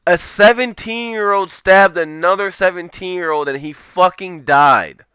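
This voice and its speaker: Profane rambling man, bright and clear. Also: sits high, unhurried, no room sound. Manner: profane, rambling, heavy use of "like". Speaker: streamer. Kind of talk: ranting commentary. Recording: dull lo-fi, dry.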